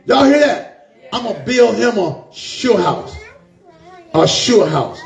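A man's voice: sits high, big pitch swings, takes it slowly, gravelly, reverberant. A man preaching a fervent sermon, calling out to the congregation in a church.

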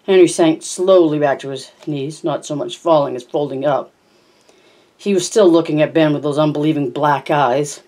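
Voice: mid-range voice, normal speed, a little mellow. An amateur reader reading a novel aloud, often stumbling over words and correcting themselves. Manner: frequent stumbles and self-corrections. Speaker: audiobook reader.

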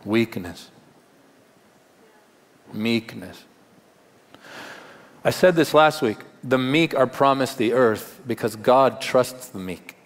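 A man's voice: mid-range voice, takes it slowly, pauses often. A man, a pastor, preaching a live Sunday sermon in a conversational, emphatic way with wry humor. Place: large church auditorium. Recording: long hall reverb in live church.

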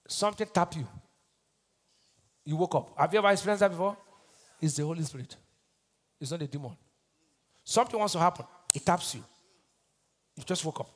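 A man's voice: fairly high pitch, brisk, long pauses. Nigerian pastor quizzing his congregation. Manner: call-and-response, quizzing the congregation; swings between loud declarations and hushed lines. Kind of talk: sermon.

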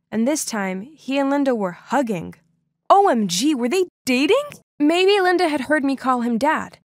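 A young woman narrating a dramatic first-person story with an expressive, animated delivery. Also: a little high, no room sound, clean studio sound.

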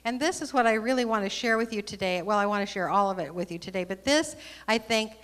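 A woman's voice: medium pitch, quick pace, clean tone. A woman speaking at a spiritual gathering, reading a story aloud in a conversational way into a handheld microphone. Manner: warm, conversational, with fillers. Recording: long hall reverb.

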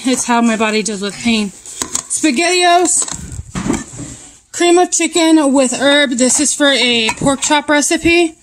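A woman's voice: high voice, slow pace, long pauses, a little hiss or hum, poor audio. A woman vlogging a casual grocery haul at home, chatting as she lists each item one after another. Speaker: mom vlogger.

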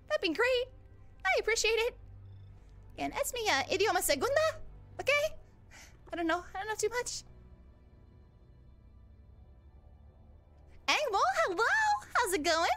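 Cheerful young huntress girl, high voice, very lively, squeals often, live-stream chat. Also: heavily acted. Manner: bubbly, excitable, squeals often. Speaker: VTuber streamer.

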